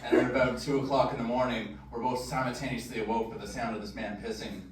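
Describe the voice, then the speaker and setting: A man's voice: medium pitch, level tone, fast talker. A man in his thirties doing a stand-up set, telling a rambling story full of fillers. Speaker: stand-up comedian. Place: large room at a comedy show. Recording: echoey hall, distant mic, crowd noise. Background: audience laughter.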